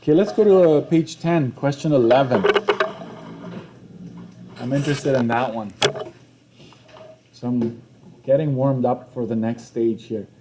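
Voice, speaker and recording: Young guy teaching math in a classroom, mellow voice, mid pitch, keeps saying okay. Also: measured pace, pauses often, a little hiss or hum. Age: young adult. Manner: conversational, repeats himself, frequent "okay?" check-ins. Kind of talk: classroom lesson walkthrough.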